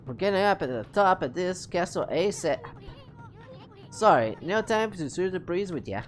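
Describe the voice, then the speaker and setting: A woman's voice: lowish voice, expressive, normal speed, a little hiss or hum, natural voice. A woman voicing a tiny, brash male fairy sidekick with a boastful, breezy way of talking. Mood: cocky.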